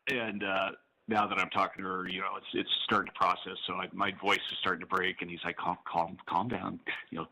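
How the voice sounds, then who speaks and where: A police officer guest on a radio talk show, telling his story matter-of-factly with dark humor. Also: low-pitched, little pitch movement, brisk, vocal fry, low-quality recording.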